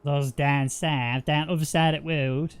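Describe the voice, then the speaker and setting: A man doing casual, joking commentary on an online sim race, getting loud and excited at crashes. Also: fairly high pitch, a little slow, clear, resonant tone. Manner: joking, banter-heavy, excitable on incidents.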